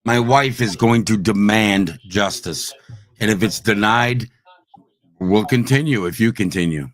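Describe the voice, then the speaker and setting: A man's voice: on the low side, measured pace. A man hosting a livestream, ranting angrily and profanely, repeating himself as he challenges his critics. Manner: profane, combative, repetitive. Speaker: livestream host. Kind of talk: angry livestream rant.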